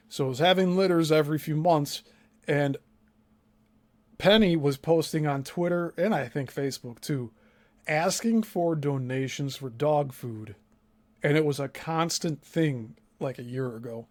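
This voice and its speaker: A man's voice: on the high side, a little slow, a little mellow. A man hosting a podcast, commenting in a blunt, emphatic way with frequent profanity. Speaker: host.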